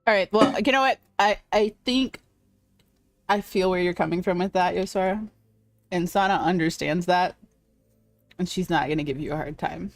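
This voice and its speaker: A woman playing her character at the table, chatty and quick to laugh. Her voice sits on the low side. The sound is dry and close. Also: dry recording, faint music behind. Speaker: player. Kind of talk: casual tabletop play.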